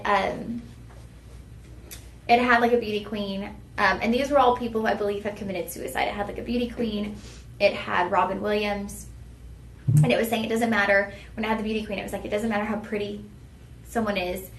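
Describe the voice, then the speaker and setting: Woman, shopping stream host, chatty and heartfelt, roomy studio echo, faint background noise. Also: medium pitch. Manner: chatty, heartfelt, folksy "y'all" address. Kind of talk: live shopping stream chat.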